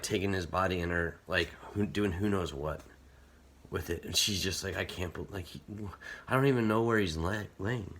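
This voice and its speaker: A man's voice: deep voice, a bit bright. A man giving a casual, earnest youth sermon, talking conversationally with many "like" fillers. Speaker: camp speaker.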